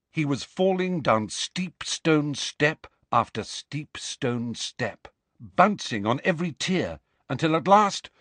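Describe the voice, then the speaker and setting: A man narrates an audiobook, telling the story in an expressive, dramatic way. His voice sits at a medium pitch, and the recording is dry.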